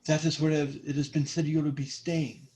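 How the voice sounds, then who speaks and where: A man's voice: on the high side, little pitch movement, normal speed, darkish tone, close to an everyday voice. A man voicing a strange, thin male Nocturne guide who talks in a casual, familiar way. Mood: friendly.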